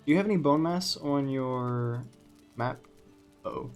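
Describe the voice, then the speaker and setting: A man's voice: mid-range voice, unhurried, soft background music. Playful man hosting a game stream. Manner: joking, playful. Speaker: livestream host. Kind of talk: casual gaming chat.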